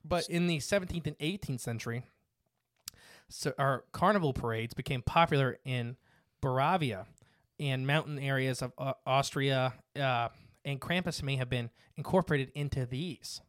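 A man's voice: medium pitch, moderate pace, fairly bright tone, no echo, clean studio sound. Man casually reading folklore notes. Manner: reads notes aloud with fillers and asides. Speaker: podcast host. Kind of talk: casual podcast chat.

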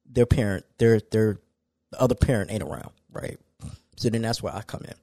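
Laid-back man with a low, mellow voice. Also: brisk, dry recording. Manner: casual, conversational, animated when ranting. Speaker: podcast host. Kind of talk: solo podcast monologue.

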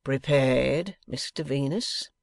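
Guy doing a creaky old crook, one wooden leg, gloating, slow and mean. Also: mid-range voice, dry recording, studio quality. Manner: menacing, deliberate, turns w for v. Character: grasping one-legged scheming male blackmailer.

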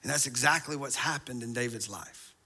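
A man's voice: medium pitch, fairly quick, sharp tone, slightly rough. A man preaching a sermon, moving from conversational asides to fervent, impassioned appeals. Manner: preaching, building to impassioned crescendos. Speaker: pastor.

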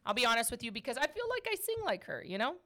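A woman in her thirties hosting a podcast, answering questions in a chatty, animated way. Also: fairly high pitch, racing. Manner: chatty, animated, laughs often. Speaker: podcast host. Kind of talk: casual podcast Q&A chat.

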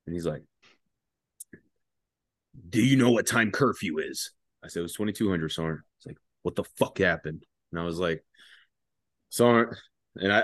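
A man's voice: low-pitched, a bit bright, no room sound, clean studio sound. A young man telling a long, profane story as a podcast guest, laughing through it and rambling. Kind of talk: casual storytelling.

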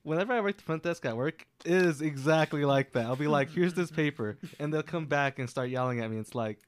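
Young man, casual chat, smooth clear tone, slightly high, animated mimicry. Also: fast, dry recording. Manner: chatty, laughing, mimicking people. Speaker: friend in a movie discussion.

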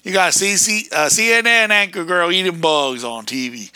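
A man ranting in a fiery, erratic preaching monologue, breaking into sudden shouted bursts. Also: high voice, normal speed, clear, resonant tone, no echo.

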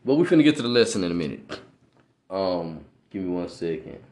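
Man, podcast preacher, slangy street talk, lively swooping pitch, echoey room. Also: brisk. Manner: preachy, repeats "right?", reads aloud with stumbles. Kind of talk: informal religious teaching.

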